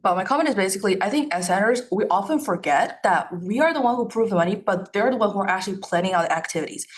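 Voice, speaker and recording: A young woman student senator giving a brisk, earnest comment in a meeting. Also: mid-range voice, lively intonation. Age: young adult.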